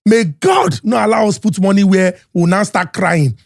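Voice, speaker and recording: Energetic Nigerian male podcast host, high-pitched, Pidgin-mixed hype reads, dry close studio mic. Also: normal speed, creaky, no echo. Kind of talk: hyped podcast intro and sponsor reads.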